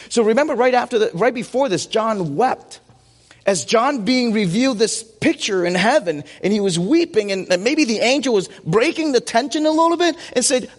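A man preaching a sermon as pastor, animated and conversational, often checking in with tag questions. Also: extremely high pitch, normal speed. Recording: long reverb of a large hall.

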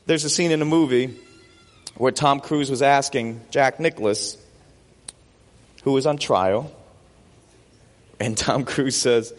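A man preaching a sermon as pastor, animated and full of rhetorical questions. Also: mid-range voice, slow, pauses often, long reverb tail.

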